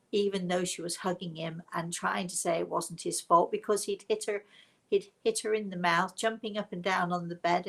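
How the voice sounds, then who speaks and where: An older woman with a British accent telling a story on a live show, in a hushed, dramatic way that often drops to a whisper. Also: fairly low pitch, vocal fry, husky, poor audio. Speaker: spiritual medium.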